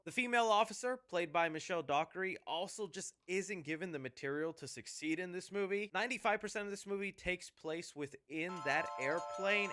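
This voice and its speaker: A man giving a sarcastic, joking movie review commentary. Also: sits high.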